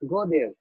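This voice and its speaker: A man's voice: a little high, fairly bright tone, husky, no echo, low-quality recording. A man giving a scripture lecture, telling a story, repeating key phrases and checking that listeners understand. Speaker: spiritual teacher.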